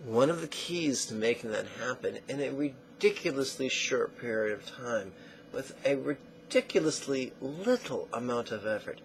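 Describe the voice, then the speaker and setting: A man teaching a guided meditation lesson in slow, deliberate phrases that trail off into soft near-whispers. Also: medium pitch, slight background noise, low-quality recording.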